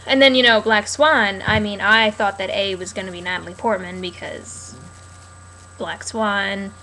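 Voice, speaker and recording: A woman's voice: fairly high pitch, sharp tone, slight background noise, rough recording. A young woman rambling casually and sarcastically about a TV episode, with lots of fillers. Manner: chatty, sarcastic, many fillers. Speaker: TV recap vlogger.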